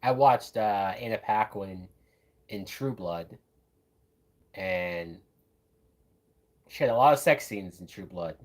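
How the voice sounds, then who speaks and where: A man's voice: fairly low pitch, slow, long pauses. Profane chatty man reacting to a movie. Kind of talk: casual live watch commentary.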